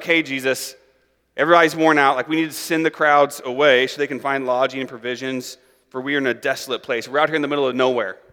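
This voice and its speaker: A man preaching a sermon in a casual, conversational way, peppering it with "like" and "right?" and acting out characters in an animated voice. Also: clear, resonant tone, big-room sound. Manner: animated, acts out the disciples' voices in a higher, louder pitch; conversational, many "like" and "right?" asides. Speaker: pastor.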